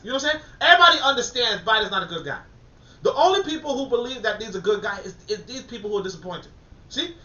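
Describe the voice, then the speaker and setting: Male livestream host, ranting and swearing; tense, bright voice, muffled and set back from the mic. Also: high-pitched. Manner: blunt, ranting, swears, slangy asides. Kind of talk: casual commentary. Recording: echoey, distant, muffled.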